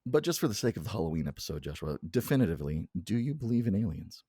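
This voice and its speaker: A man's voice: lowish voice, sing-song, racing, mellow, slightly rough, dry recording, studio quality. A man co-hosting a podcast in casual chat, teasing his co-host and laughing often.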